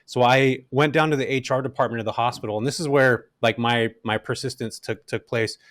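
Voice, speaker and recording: A middle-aged man telling his story as an interview guest, animated and casual, with frequent fillers. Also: medium pitch, brisk, dry recording, studio quality. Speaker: guest, rental investor.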